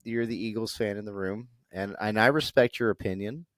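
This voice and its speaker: A man co-hosting a casual sports podcast, making his points in halting, hedging speech with many restarts. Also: on the low side, no room sound. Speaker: podcast co-host.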